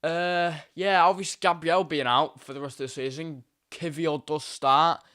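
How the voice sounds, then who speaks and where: A young man hosting a live football stream, chatting casually and excitedly, rambling and swearing freely. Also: fairly high pitch, normal speed, no echo, studio quality. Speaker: livestream host.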